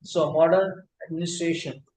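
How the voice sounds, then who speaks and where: A man giving a scripture lecture, pausing often with fillers and restarts. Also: on the high side, steady tone, darkish tone. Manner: halting, frequent fillers and restarts. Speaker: spiritual teacher. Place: temple hall. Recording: echoey hall.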